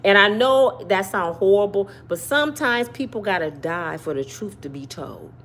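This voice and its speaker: Animated woman with a lively pitch. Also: normal speed, slight background noise. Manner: animated, talks to viewers directly, repeats and hedges with "allegedly". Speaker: commentary channel host. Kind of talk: casual commentary monologue.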